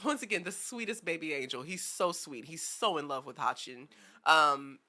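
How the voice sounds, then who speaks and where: Bright animated young woman telling stories. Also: low voice, moderate pace. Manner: animated storyteller, acts out characters' lines. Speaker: podcast co-host. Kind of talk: casual anime discussion.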